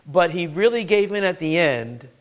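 Earnest preacher man, slightly high voice. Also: lively intonation, normal speed. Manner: earnest, repeats words, asks the congregation questions. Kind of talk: sermon.

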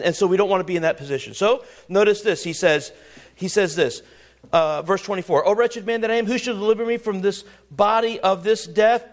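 A male preacher with a notably high voice delivers a sermon. He reads verses aloud and drives his points home with restarts, repetition and direct questions to his listeners. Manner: emphatic, repeats words and asks the congregation questions.

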